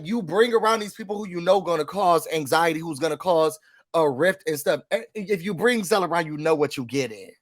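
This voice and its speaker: A man with a notably high voice chats through a reality show recap in a casual, sassy way. He gets animated and hammers points home by repeating words.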